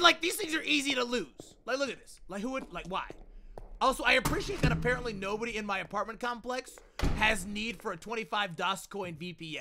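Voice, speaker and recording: A young man chatting casually on a gaming livestream, reacting loudly and thanking viewers for donations. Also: high voice, slight background noise. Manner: excitable, loud outbursts, reads out donations. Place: home.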